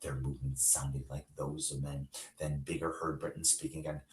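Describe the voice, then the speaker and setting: A man's voice: a bass voice, a little fast, few pauses. Man reading a novel aloud to a class. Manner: steady reading with short asides to students. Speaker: teacher. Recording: echoey room.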